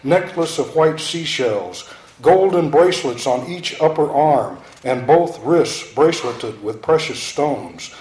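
A man reading poetry aloud in a slow, incantatory, dramatic way. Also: a little high, lively intonation, darkish tone. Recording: roomy echo.

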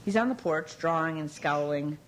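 A weary young caterer in a storybook reading, answering with wry, sardonic remarks in a low voice, as the woman narrator reads her. There is a bitter edge under her calm. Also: moderate pace, a little hiss or hum, close to an everyday voice, rough recording.

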